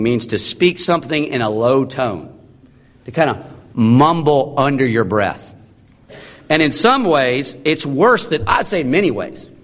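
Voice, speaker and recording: A man in his thirties preaching a sermon, emphatic, with sudden drops to a low, slow, solemn tone. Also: a bit bright. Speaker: pastor. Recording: long reverb of a large hall.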